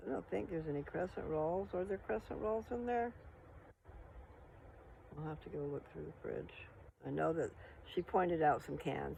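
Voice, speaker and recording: An older man in a casual vlog, chatting slowly about his plans while sitting outdoors, with a gravelly voice. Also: a little high, a little mellow, a little hiss or hum, low-quality recording. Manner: sings old songs slowly, then chats about breakfast. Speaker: vlogger. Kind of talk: casual monologue with singing. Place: outdoors sitting on a metal chair.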